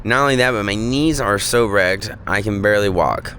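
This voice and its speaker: A man's voice: fairly low pitch, normal speed, a bit bright, a little hiss or hum. A man rambling casually in a self-filmed vlog, recorded outdoors. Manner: rambling, drifting from topic to topic. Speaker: vlogger. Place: outdoors in hot weather.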